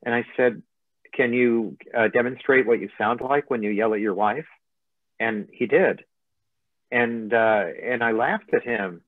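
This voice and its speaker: A man's voice: mid-range voice, a little slow, no room sound. A man, a motivational coach, giving a webinar presentation over a video call. He talks conversationally and tells humorous anecdotes. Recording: thin phone-like line, dry.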